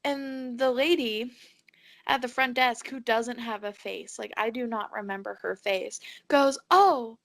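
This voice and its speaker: A teenage girl co-hosting a podcast tells a dream story in casual conversation, acting out the other people's voices and swearing freely. Her voice is a little high with vocal fry, and she speaks unhurriedly and with lots of animation.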